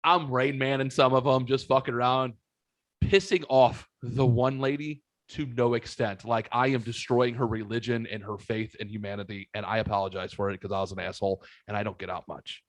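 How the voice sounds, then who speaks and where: Profane, animated male podcast host. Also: mid-range voice, fairly quick, no room sound. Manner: profane, animated storyteller acting out quotes. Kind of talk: casual storytelling.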